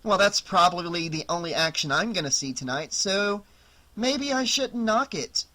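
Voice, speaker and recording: A narrator voicing a brash, teasing teenage girl who talks loud and crude. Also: mid-range voice, expressive, normal speed, voice pushed up. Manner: loud, brassy and mocking.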